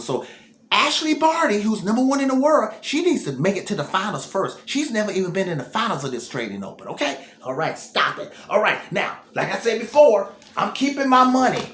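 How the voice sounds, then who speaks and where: Animated, repetitive male tennis commentator. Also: high-pitched, reverberant. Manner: animated, repeats words, thinks aloud. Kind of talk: casual off-the-cuff commentary.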